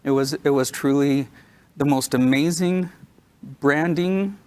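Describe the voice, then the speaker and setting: A man put on the spot at a convention, talking emotionally and haltingly with many fillers. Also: on the high side, a little mellow. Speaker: creative director. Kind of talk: impromptu stage remarks. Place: convention stage.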